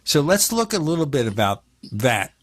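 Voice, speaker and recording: A man's voice: a little high, very animated, moderate pace, fairly bright tone, no echo. A man hosting a talk show, steering the conversation and reading plugs conversationally. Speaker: radio show host. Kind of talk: talk show interviewing and ad read.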